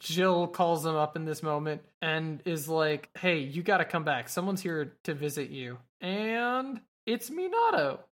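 Her voice low and expressive, a woman podcast co-host talks a little slowly with hardly any pauses while recapping scenes from an anime. The chat is casual, full of easy swearing and quick impressions of the characters' lines.

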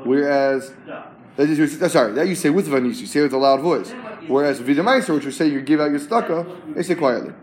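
A man's voice: a little high, fast talker, a little mellow. A man teaching a Talmud class. He translates each term phrase by phrase and often checks in with his students.

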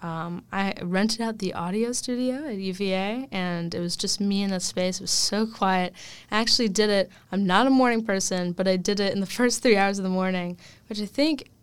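A woman's voice: mid-range voice, moderate pace, smooth, dry recording. A young woman, a first-year college student, talking casually in an interview, chatty with many fillers and laughs. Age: young adult. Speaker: student guest.

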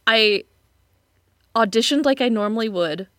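A woman's voice: on the high side, expressive, a little slow, a bit bright, no echo. A woman voice actor speaks candidly and pokes fun at herself. Her tone is casual and giggly. The sound is close and dry. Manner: candid, self-deprecating, giggly. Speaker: voice actor guest. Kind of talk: casual chat.

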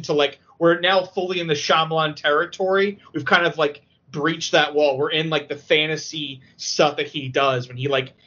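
Excitable high-voiced man, husky and bright. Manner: excitable, emotional storyteller, many fillers. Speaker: podcast guest. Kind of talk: casual podcast chat. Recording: dull lo-fi audio.

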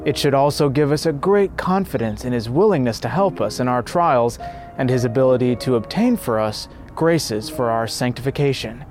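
A man's voice: medium pitch, expressive, moderate pace, a little mellow, faint music behind. A man narrating a saint's life story in an earnest, devotional scripted reading.

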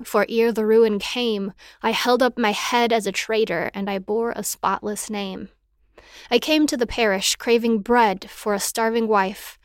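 A woman's voice: mid-range voice, no echo, studio quality. A woman giving a dramatic poetry recitation in an impassioned, mournful and bitter manner.

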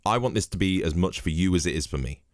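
Deep-voiced, swearing podcast host. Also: male voice, fast, no echo, studio quality. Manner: profane, rambling, cheeky storytelling; drinks while recording. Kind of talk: comedic podcast monologue. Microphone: podcast microphone at home.

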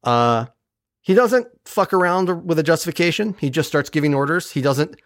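A man hosting a podcast, recapping a TV episode in casual chat with a wry, profane, animated manner. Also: fairly high pitch, normal speed, no room sound, clean studio sound.

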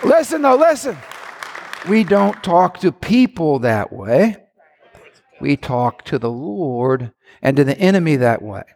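A male pastor preaching a sermon, swinging between low, quiet asides and loud, shouted lines. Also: sing-song, slow pace, gravelly, in a large hall, some chatter behind.

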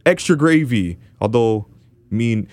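A man co-hosting a podcast, talking with heated passion and stumbling restarts. His voice sits at a middling pitch and sounds close and dry, with no room around it. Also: expressive, takes it slowly, darkish tone, no room sound. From Toronto, Canada. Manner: passionate ranting, frequent restarts. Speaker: podcast co-host. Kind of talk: casual podcast chat.

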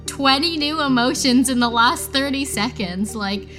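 A woman's voice: high voice, unhurried, over music. A woman playing a tabletop role-playing game, chatty and a bit hesitant. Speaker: tabletop player. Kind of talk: casual table talk.

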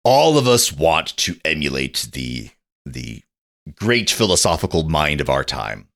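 Cast a man as a cheesy alien welcomer with a deep booming announcer voice, swooping pitch. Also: sing-song, unhurried, vocal fry, a bit bright, heavily acted. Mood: hammy welcoming. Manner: overly polite, hammy announcer delivery. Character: friendly male alien greeter in announcer voice.

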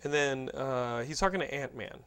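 A man hosting a podcast, playing a bossy, sarcastic casting director in an excitable comedy bit. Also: mid-range voice, normal speed, smooth. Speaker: podcast host.

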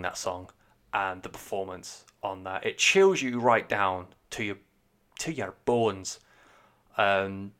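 A man's voice: on the low side, fairly bright tone. A man giving a casual spoken album review, rambling, sweary and enthusiastic. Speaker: music reviewer.

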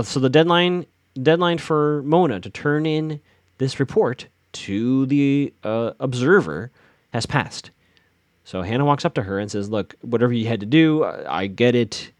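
A man's voice: medium pitch, dry recording, studio quality. Chatty man recapping a TV episode. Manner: chatty, opinionated, frequent restarts. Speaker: TV recap podcaster.

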